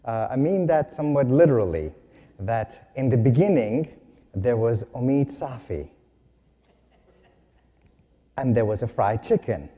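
A man giving a spiritual talk, telling stories in a humorous, expressive way to a gathering in a hall. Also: mid-range voice. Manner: humorous, unhurried, expressive storytelling. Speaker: speaker. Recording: long hall reverb.

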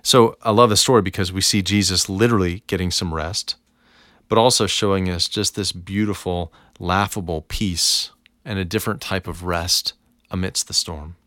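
A man co-hosting a devotional podcast, talking in a calm, reflective, unhurried way. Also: deep voice, dry recording, studio quality. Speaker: podcast co-host.

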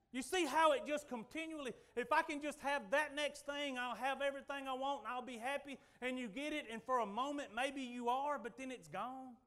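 A middle-aged man preaching a sermon, telling folksy stories and swinging from loud declarations to quiet asides. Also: very high-pitched, a little fast, hardly any pauses.

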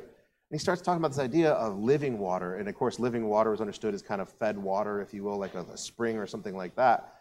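A man's voice: lowish voice, quick pace, a little mellow, long reverb tail, slight background noise. Conversational man preaching. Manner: conversational storytelling with voiced asides. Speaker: pastor. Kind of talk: sermon.

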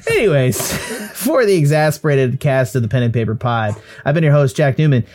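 A man running a tabletop game as dungeon master and host, excitable, swearing and laughing often. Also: mid-range voice, moderate pace. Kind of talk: casual chat closing a podcast episode.

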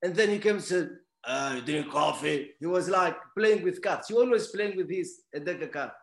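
A man with a non-native English accent, telling a personal story in a halting way full of restarts. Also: high-pitched, roomy sound. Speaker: guest.

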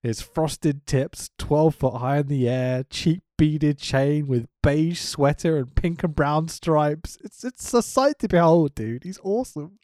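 A man's voice: fairly high pitch, a little slow, hardly any pauses, warm tone, no room sound, studio quality. A man co-hosting a casual wrestling recap podcast, laughing often and swearing freely. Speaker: podcast co-host.

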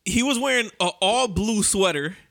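A man's voice: sits high, expressive, moderate pace, gravelly, a bit bright, dry recording, clean studio sound. A young man hosting a podcast, telling loose, profane stories full of slang. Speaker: podcast host. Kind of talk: casual podcast chat.

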